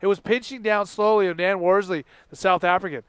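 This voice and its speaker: A man calling a live sports contest play-by-play, in an energetic, exclamatory way. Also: sits high, fairly quick, clean tone, no room sound. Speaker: contest commentator.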